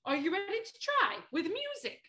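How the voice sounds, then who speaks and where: A friendly three-eyed monster, played by a woman, teaches a children's class in a high, lively voice. She speaks slowly and theatrically, counting out each move. Her tone is bright and clear. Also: reverberant, full character voice. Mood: encouraging. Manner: slow, playful and theatrical, counting moves aloud.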